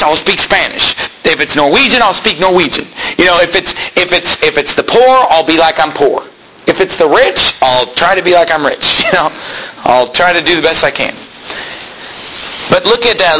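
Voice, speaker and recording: Bright-voiced man preaching a story. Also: on the high side, a little hiss or hum, low-quality recording. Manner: conversational storytelling, many fillers, acts out quoted lines. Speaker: pastor. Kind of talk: sermon with a personal story.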